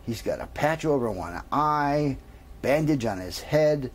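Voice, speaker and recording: A man's voice: mid-range voice, lively intonation. A man telling a long joke in a casual storytelling manner. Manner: casual storytelling, drawn-out pauses. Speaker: comedian.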